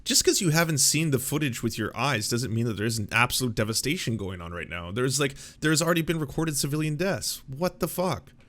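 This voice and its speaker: A man's voice: mid-range voice, lively intonation, a little fast, few pauses, a bit bright. A man hosting a casual reaction commentary, sarcastic and incredulous, swearing freely. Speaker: commentary host.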